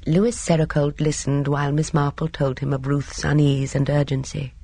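A woman narrating an audiobook in an expressive, measured storytelling manner. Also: low-pitched, vocal fry, slightly rough, no echo.

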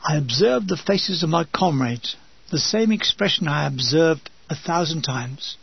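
A man reads his own memoir aloud, slipping in dry, comic asides. His voice is gravelly and husky, sitting fairly high. The recording is dull and lo-fi. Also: lively intonation, measured pace, no room sound. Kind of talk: scripted memoir narration.

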